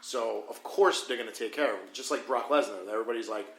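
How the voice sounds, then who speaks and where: A man's voice: mid-range voice, fast talker. Opinionated man from New York, roomy sound. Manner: opinionated, explanatory, laughs easily. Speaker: podcast host. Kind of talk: casual podcast chat. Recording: roomy with faint noise.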